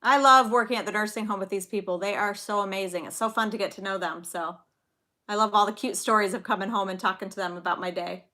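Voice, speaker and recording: A woman's voice: medium pitch, steady tone, fast talker, pushed and bright. A woman in her thirties hosting a casual live-stream trivia game, chatty and giggly, telling little stories between questions. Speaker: livestream trivia host and mother.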